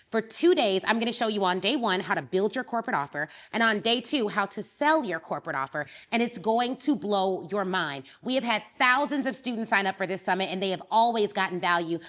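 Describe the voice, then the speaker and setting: A woman hosting a business podcast at a mid pitch. She asks her guest questions with short affirmations and delivers an upbeat promotional read. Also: a bit bright. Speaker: podcast host, business coach. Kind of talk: conversational interview and ad read.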